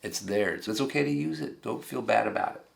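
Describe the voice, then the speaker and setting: Gravelly-voiced man teaching songwriting. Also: fairly low pitch, expressive, fairly quick. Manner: conversational, explains with examples. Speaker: songwriting instructor. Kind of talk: lecture with piano demonstrations.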